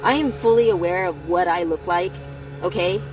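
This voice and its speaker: A woman's voice: fairly low pitch, darkish tone, soft background music, low-quality recording. Candid woman retelling a run-in. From United States. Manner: candid, profane storytelling, measured pace that gets heated. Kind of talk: personal story vlog.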